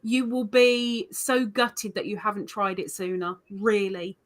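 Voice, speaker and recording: A woman's voice: mid-range voice, unhurried. A woman hosting a casual crochet livestream, explaining techniques chattily with frequent restarts. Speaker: livestream host. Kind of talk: casual crafting chat.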